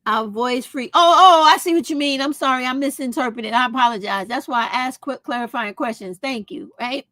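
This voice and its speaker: A woman's voice: high-pitched, a little fast, pushed and bright, dry recording. A woman, talking straight to her viewers in a casual opinion vlog, blunt and profane. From United States. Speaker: vlog host.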